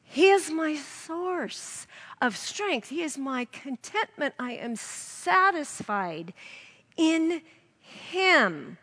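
A woman's voice: sits high, sing-song, drawn-out words, sharp tone, big-room sound. A woman giving an earnest devotional Bible teaching, reading scripture aloud to her listeners.

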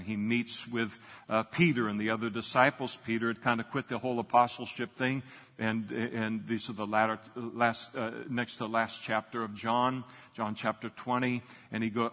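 A man's voice: fairly low pitch, fairly bright tone, long reverb tail. A man preaching an unscripted Bible sermon as pastor, with frequent fillers and restarts.

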